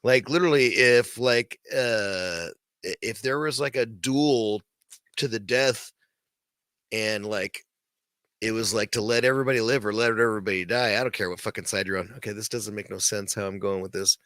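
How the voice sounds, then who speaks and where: Late at night, a man rants casually on his own podcast, his bright, forward-pushed voice sitting on the low side at a normal speed. The dry, close recording captures him talking heatedly and profanely, rambling as he goes.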